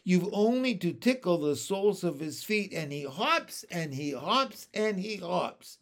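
A man's voice: high voice, big pitch swings, measured pace, exaggerated voice. A man voicing a cheerful, friendly young boy who reciting rhymes eagerly in a storybook reading. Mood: rhyming. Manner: bright and eager.

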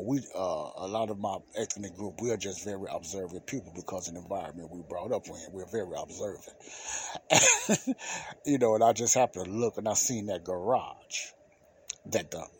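A man's voice: on the low side, darkish tone, a little hiss or hum. A middle-aged man hosting a podcast, telling a personal story in loose, casual speech and laughing often. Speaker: podcast host.

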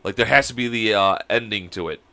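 A young man co-hosting a casual podcast over a video call, sick with a cold, telling animated stories and breaking into high laughter. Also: fairly quick. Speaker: podcast co-host. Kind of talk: casual chat.

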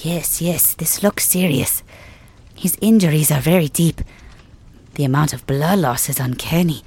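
A fussy old male healer, put on by a woman for an ASMR role-play, courteous and anxious over a wounded king. The voice sits fairly low and talks in polite, hurried repeats. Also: warm tone, husky, exaggerated voice. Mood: fussing. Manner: fussing, polite, urgent.

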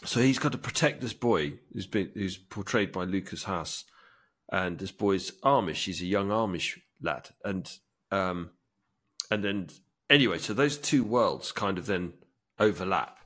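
A deep-voiced man, unhurried and a bit bright in tone, co-hosts a podcast in casual conversation. He eagerly retells a movie scene in detail, performing the film's lines with enthusiasm.

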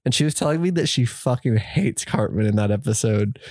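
A man's voice: mid-range voice, lively intonation, a little fast, darkish tone, no echo, studio quality. A man co-hosting a casual podcast, joking and laughing often. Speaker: podcast co-host. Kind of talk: casual chat.

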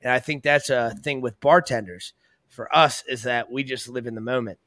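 A man's voice: mid-range voice, steady tone, moderate pace, fairly bright tone, dry recording. A man in his thirties, a bartender guest on a podcast, telling stories in a laid-back way, acting out quotes and swearing casually. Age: 30s. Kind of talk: casual chat.

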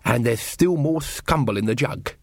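A man's voice: mid-range voice, normal speed, gravelly, a little mellow, no room sound, clean studio sound. A man voicing a gloomy, mocking village man who brushes off worries. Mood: dismissive. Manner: dismissive, gloomy.

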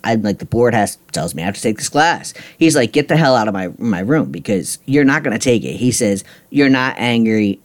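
A middle-aged man talks straight into the mic as a podcast host, recounting his own story. His voice sits at an ordinary pitch for a man, and he speaks bluntly, with frustration that breaks into ranting and casual swearing. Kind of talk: personal storytelling monologue.

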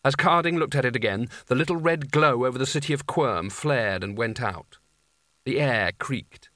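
A man narrating an audiobook in a dry, measured storytelling manner. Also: medium pitch, fairly bright tone, no echo. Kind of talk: scripted narration.

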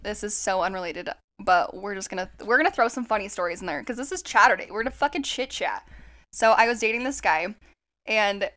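A woman's voice: a little high, a bit bright. A woman in her twenties co-hosting a podcast, telling crude, joking stories and acting out what people said. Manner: crude, joking storyteller who acts out quotes. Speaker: podcast co-host. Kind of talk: casual chat.

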